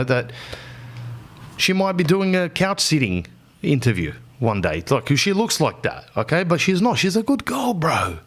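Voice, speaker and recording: An Australian man hosting a podcast, rambling through a slangy comic monologue and slipping into other people's voices. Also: a little high. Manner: animated, slips into characters' voices. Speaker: podcast host. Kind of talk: comedic storytelling monologue.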